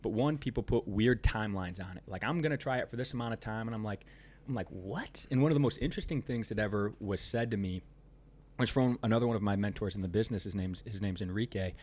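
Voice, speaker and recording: A man's voice: fairly low pitch, quick pace, a little mellow. A man, a business owner, talking as a podcast guest in a rambling, emphatic way, full of "you know" fillers. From Ohio, United States. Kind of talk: casual podcast conversation.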